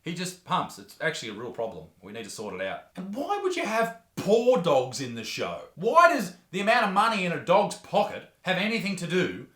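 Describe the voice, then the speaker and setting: A man's voice: high voice, very animated, fairly quick, few pauses, fairly bright tone, echoey room. An Australian man delivering a crude, profane, sarcastic comedic rant as the host of his show.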